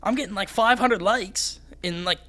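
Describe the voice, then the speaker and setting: Young male fighter guest with a high voice, rambling and animated. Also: moderate pace. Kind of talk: casual podcast chat.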